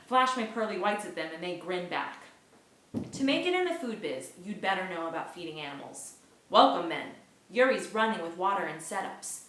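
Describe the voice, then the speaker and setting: A woman reads a novel aloud in lively first-person narration, her voice bright and forward. The room gives the voice a clear echo. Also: medium pitch, normal speed. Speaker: book reader. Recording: echoey room.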